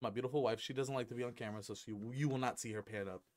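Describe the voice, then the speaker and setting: Very fast and fairly even in intonation, a medium-pitched young man chats to camera as a gaming YouTuber in a casual, rambling vlog. He's at home with his dog, wearing a headset, joking, swearing freely and filling gaps with ums.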